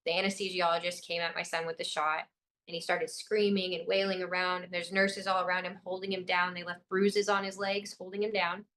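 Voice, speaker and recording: A woman's voice: fairly low pitch, flat delivery, a little fast, fairly bright tone. Young woman telling an intense story. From Illinois. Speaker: guest. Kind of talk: personal account in an interview.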